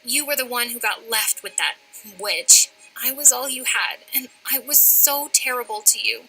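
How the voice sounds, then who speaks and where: A woman's voice: on the high side, moderate pace, pushed and bright, soft background music, low-quality recording. A woman voicing a remorseful, tearful older sister. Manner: emotional, pleading.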